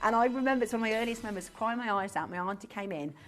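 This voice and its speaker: A woman's voice: fairly high pitch, very fast. A woman presenting on a live shopping channel in a chatty way, full of rhetorical questions. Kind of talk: live TV selling chat. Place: TV studio.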